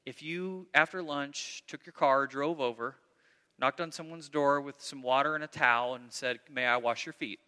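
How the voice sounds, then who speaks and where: Pastor guy preaching, bright voice, goes loud then real soft, long hall echo. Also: mid-range voice, fairly even intonation, normal speed, clear, resonant tone. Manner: earnest, swings between loud emphasis and soft near-whisper asides. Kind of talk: sermon.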